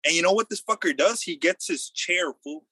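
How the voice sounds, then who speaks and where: A young man telling a wild story in loose, slangy casual chat, acting out the quotes loudly. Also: sits high, brisk, noisy background.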